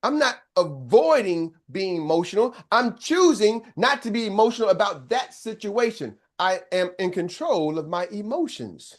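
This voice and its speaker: A man's voice: high-pitched, big pitch swings, normal speed, hardly any pauses. An older man giving a motivational business coaching talk, emphatic and preacher-like, often checking in with his listeners.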